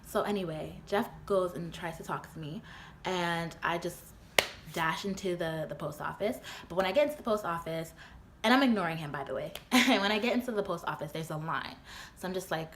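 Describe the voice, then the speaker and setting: A young adult woman telling a storytime vlog, chatty and full of fillers, her voice jumping high when she quotes her own disbelief. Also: fairly quick, background noise. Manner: chatty, filler-heavy, often laughing. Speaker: vlogger. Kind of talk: storytime retelling.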